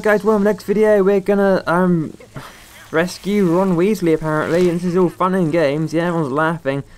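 A man's voice: sits high, a little mellow. A man giving casual, jokey commentary over a video game, rambling and talking back to the characters on screen. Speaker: gaming channel host. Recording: faint game music behind the voice. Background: faint game music.

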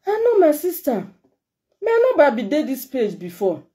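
A woman's voice: sits high, wildly swooping pitch, normal speed, dark tone. A middle-aged woman with a Nigerian accent, giving a heartfelt, emotional message to her followers as a vlogger. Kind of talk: emotional direct-to-camera message.

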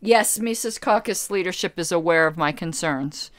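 A woman's voice: on the low side, normal speed, no room sound. A woman hosting a casual livestream, answering chat questions in a rambling, blunt way and correcting herself as she goes. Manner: chatty, rambling self-corrections, blunt asides. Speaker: party committee member hosting a livestream.

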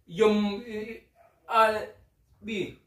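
A man's voice: sits high, fairly even intonation, very slow. A man with a Jamaican accent lecturing his partner in a casual argument, repeating himself insistently. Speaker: vlogger husband. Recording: echoey room, mic far off.

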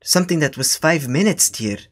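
Here the scambaiter, a man, plays a scolding, fussy granny on a prank phone call, wandering off topic and saying "dear" constantly. His voice sits a little high, with lively intonation and a fairly quick pace.

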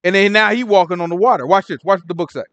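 Animated high-voiced man teaching scripture. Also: very fast, no room sound, lo-fi sound. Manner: animated storytelling, acting out the scene in voices. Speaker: Bible study teacher. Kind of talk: casual Bible study teaching.

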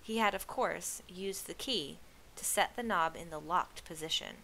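A woman reading a novel aloud with steady, expressive storytelling. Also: lowish voice, a little slow, vocal fry, a little hiss or hum, rough recording. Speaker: reader.

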